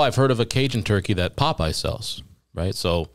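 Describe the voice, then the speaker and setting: Low-voiced man telling a funny story. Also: moderate pace, clear, resonant tone. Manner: animated storyteller quoting voices, laughing at his own story. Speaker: podcast guest. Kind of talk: casual storytelling.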